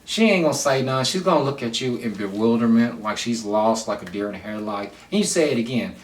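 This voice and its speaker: A man's voice: medium pitch, animated, fast talker, hardly any pauses, far from the mic. A man vlogging casual advice to camera, rambling loosely with lots of fillers and repeats. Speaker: vlogger giving dating advice. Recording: roomy sound from away from the mic.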